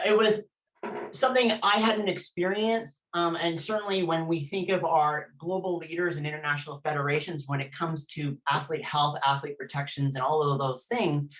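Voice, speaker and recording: A woman's voice: sits low, low-quality recording. A woman, a former elite athlete, earnestly recounting her own history as an interview guest, often restarting her sentences. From Canada. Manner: earnest, intense, frequent restarts while recounting.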